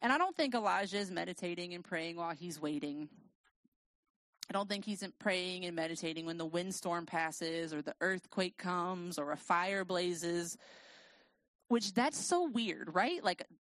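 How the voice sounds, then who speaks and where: A woman preaching in a relaxed, conversational way. She reads scripture aloud and adds wry asides. The sound is dry and close, with no room echo. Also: on the low side, measured pace. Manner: casual, self-deprecating, lively storytelling. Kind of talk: sermon with scripture reading.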